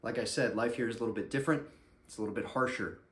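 A man's voice: mid-range voice, racing, fairly bright tone, roomy sound. An American man giving comedic commentary in a mock-serious, sarcastic, playful way. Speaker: YouTube commentator. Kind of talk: comedic commentary reading reviews.

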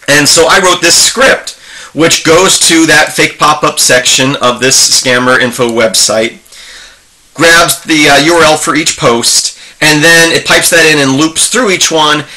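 A man's voice: a little high, bright, forceful tone. A middle-aged man hosting a casual tech video, talking in a rambling, chatty way with frequent restarts and ums. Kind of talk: casual screen-share talk.

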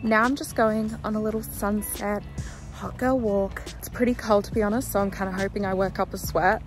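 Bubbly vlogger in her twenties, casual chat with echo and soft music under it. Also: mid-range voice, steady tone, brisk. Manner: bubbly and gushing. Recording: echoey room with background music.

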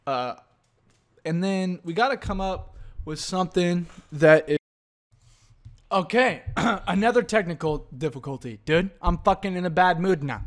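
A young man talks alone into his podcast mic with a somewhat high voice. He swears constantly and rambles, losing his train of thought and starting over. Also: a little slow. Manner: profane, rambling, self-interrupting. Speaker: podcast host. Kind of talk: solo podcast rant.

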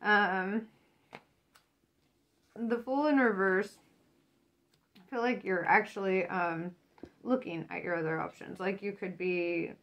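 A woman's voice: medium pitch, a bit bright. A woman doing a casual tarot reading, swearing a lot, laughing often and getting fired up. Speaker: tarot reader.

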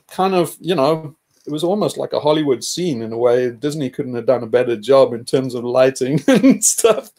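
A man's voice: fairly high pitch, a little mellow. A man telling a personal story in casual conversation, rambling with restarts, chuckling now and then and swearing.

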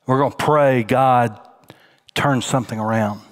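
Man, pastor preaching, medium pitch, hushed near-whispers, lifts his voice in storytelling. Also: measured pace. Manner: drops to a hushed near-whisper on tender points, rises pitch when telling a story. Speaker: senior pastor. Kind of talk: sermon.

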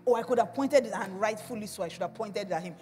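A woman pastor with a Nigerian accent, preaching a sermon and telling stories in an animated way, laughing along. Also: mid-range voice, quick pace, big-room sound, soft background music. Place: church.

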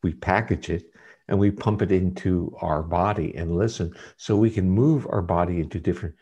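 Very low husky man explaining science. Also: darkish tone. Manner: measured, lecturing explanations. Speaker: guest scientist. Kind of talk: explanatory interview talk.

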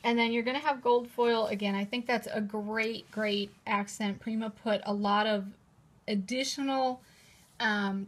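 A chatty host gushes over each new planner on a casual live stream, repeating "how cute is that." Her voice sits a little high, and she talks toward a camera propped in a holder at a table at home.

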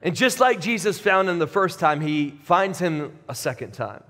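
A man's voice: high voice, sing-song, normal speed, fairly bright tone, big-room sound. A man preaching a sermon as pastor, in a conversational, plain-spoken way that builds to emphatic peaks. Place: church sanctuary.

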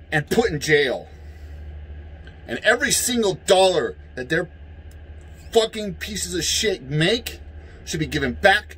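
A man from the United States in a heated, profane political rant, yelling at times. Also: sits high, breathy edge, low-quality recording. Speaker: vlogger.

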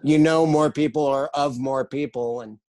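A man guesting on a comedy podcast in casual chat, dry and hesitant, slipping in deadpan jokes. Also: medium pitch, moderate pace.

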